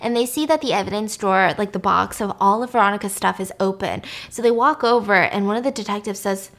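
A woman casually retelling a story in a chatty way, full of fillers and quick asides. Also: mid-range voice. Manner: chatty, many fillers, animated acting of quotes. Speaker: show recapper.

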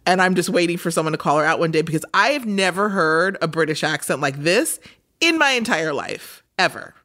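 A woman co-hosting a podcast in easy, chatty talk. Her voice sits a little low, and she fills her sentences with "like.". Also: lively intonation, fairly quick, fairly bright tone. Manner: chatty, filler-heavy with "like". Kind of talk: casual chat.

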